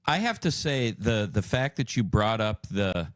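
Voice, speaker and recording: A man's voice: lowish voice, big pitch swings, measured pace, fairly bright tone, dry recording, clean studio sound. A man hosting a podcast interview, talking earnestly and restarting his phrases. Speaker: podcast host. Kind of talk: casual interview chat.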